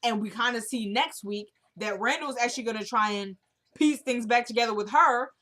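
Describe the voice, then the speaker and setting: A woman's voice: on the high side, a little fast, fairly bright tone. A woman casually recapping a TV drama episode, opinionated and chatty, acting out characters' lines as she retells the scenes. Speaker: show recap host.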